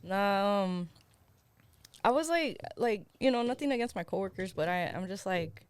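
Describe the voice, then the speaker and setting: A young woman co-hosts a podcast in a studio, her medium-pitched voice smooth and animated at a normal pace, with a dry recording. She tells a story in loose, laughing chat, swearing freely and leaning heavily on "like."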